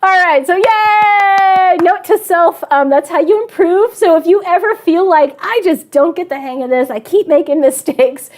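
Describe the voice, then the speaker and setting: A woman teacher telling a funny personal story to students, chatty and animated with frequent laughter. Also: very high-pitched, normal speed, hardly any pauses. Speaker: math and science teacher. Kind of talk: storytelling to students in an online class.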